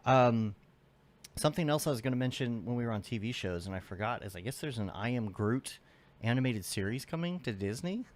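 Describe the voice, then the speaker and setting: A man's voice: medium pitch, expressive, a little fast. A man hosting a podcast in casual interview chat, rambling and trailing off as he searches for his thoughts. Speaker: podcast host.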